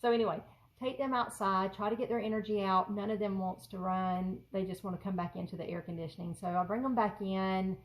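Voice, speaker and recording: A woman's voice: medium pitch, steady tone, a little fast, low-quality recording. A woman chatting casually in a home craft room vlog, rambling and giggling between fillers. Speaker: journaling vlogger.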